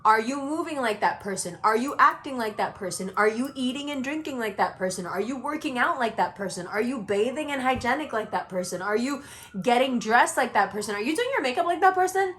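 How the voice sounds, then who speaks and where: A young woman giving an astrology reading in a casual, blunt monologue, swearing freely and swinging between slow, low stretches and quick, high bursts. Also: expressive, a bit bright, a little hiss or hum. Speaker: astrology reader.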